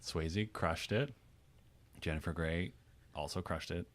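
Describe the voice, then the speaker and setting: A man co-hosting a podcast, telling stories in animated, laughing casual chat. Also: low voice, takes it slowly. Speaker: podcast co-host.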